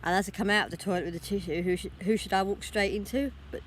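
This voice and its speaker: A woman's voice: mid-range voice, fairly even intonation. Tired young woman, rambling vlog chat to her phone on a walk, faint traffic behind. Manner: rambling, talks without pausing to think. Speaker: vlogger. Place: outdoors on a street, walking.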